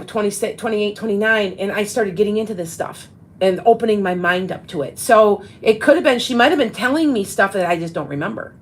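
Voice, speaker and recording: In poor audio, a psychic medium in her fifties chats casually on her live show with a medium-pitched voice, rambling and restarting many times.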